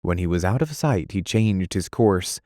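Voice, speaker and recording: Male narrator, audiobook reading, measured and dramatic, low voice, dry close sound. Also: lively intonation, dark tone, no echo.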